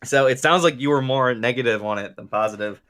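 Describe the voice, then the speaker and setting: A man's voice: mid-range voice, fast, fairly bright tone. Man in casual chat, blunt reactions. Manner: reacts with blunt swearing, then explains at length. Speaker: podcast co-host.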